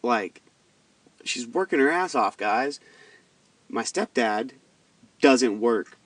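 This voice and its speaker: A man's voice: mid-range voice, animated, slow pace, fairly bright tone, no room sound. Profane rambling young man, dry distant sound. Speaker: vlogger. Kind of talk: casual storytelling rant.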